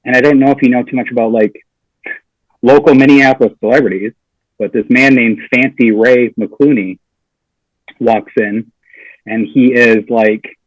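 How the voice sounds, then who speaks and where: A man's voice: mid-range voice, moderate pace, pauses often, no room sound, muffled recording. A man telling a funny story on a podcast, acting out the lines of the people in it. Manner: animated storyteller acting out quotes. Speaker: comedian guest.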